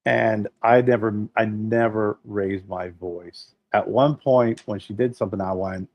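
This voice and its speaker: Low-voiced, profane, animated storytelling man. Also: unhurried, dry recording, lo-fi sound. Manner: animated storyteller, swears freely, acts out quoted people. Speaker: podcast co-host. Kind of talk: casual chat.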